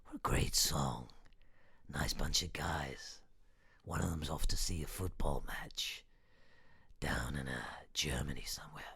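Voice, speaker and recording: A man's voice: extremely low pitch, bright, forceful tone, no room sound, pitched below the performer's own voice, heavily acted. A man doing a whispering late-night DJ. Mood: hushed. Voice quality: breathy whisper. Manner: slow, murmured patter. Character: hushed late-night male radio DJ.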